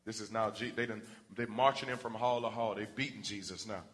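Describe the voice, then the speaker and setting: Man preaching a sermon, animated, acts out Bible characters, bright forceful tone. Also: on the low side, fairly quick.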